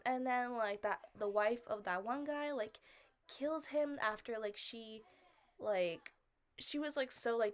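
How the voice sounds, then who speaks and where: A woman giving a casual, rambling film review, filling almost every phrase with "like" and asking questions about the plot. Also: mid-range voice. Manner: rambling, fills with "like" constantly; puzzled, questioning.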